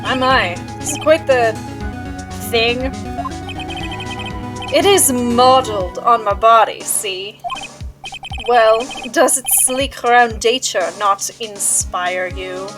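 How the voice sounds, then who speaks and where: A woman's voice: a little high, slow pace, pauses often, music in the background. A woman voicing a pompous, arrogant male company chief who shows off with grandiose invented words, reading along with a game.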